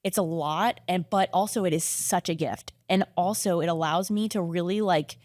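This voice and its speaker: A young woman on a podcast speaks in a lowish voice, rattling along casually and peppering her talk with "like" and "you know what I mean." Her voice sits close to the mic, dry, with no room sound around it. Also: normal speed, darkish tone, no room sound. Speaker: podcast guest. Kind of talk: casual conversation.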